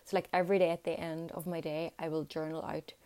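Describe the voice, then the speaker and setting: A young woman speaks in a low, mellow voice, earnest and reassuring as she shares reflections with her viewers. Her talk is loose and casual, often leaning on "like" as she encourages the listener to keep going. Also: little pitch movement, fast. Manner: earnest and encouraging, with many "like" fillers. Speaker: vlogger. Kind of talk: reflective motivational talk to camera.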